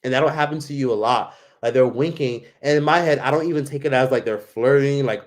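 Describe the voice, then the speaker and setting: A man's voice: medium pitch, a little fast. A man telling a travel story in a casual, rambling way, full of fillers and swearing. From United States. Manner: rambling, heavy on fillers and profanity. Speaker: travel vlogger.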